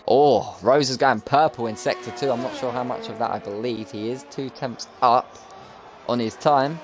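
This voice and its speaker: A man's voice: mid-range voice, normal speed. A man commentating live on an online racing league, chatty and jokey as he calls the laps. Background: music.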